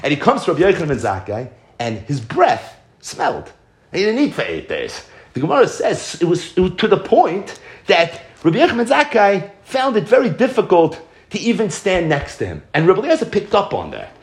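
A man teaching a Torah story as a lively storyteller who acts out the quotes. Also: high voice, a little fast. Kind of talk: storytelling lesson. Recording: echoey room.

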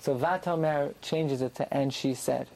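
Brief: teacher leading a text class; animated, translates then exclaims; middle pitch. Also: unhurried, vocal fry, poor audio. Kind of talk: verse-by-verse text study class.

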